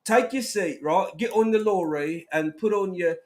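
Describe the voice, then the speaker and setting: A man co-hosting a casual livestream chat, joking and bantering playfully with his co-host and greeting viewers in a relaxed, slangy way. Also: high voice, moderate pace.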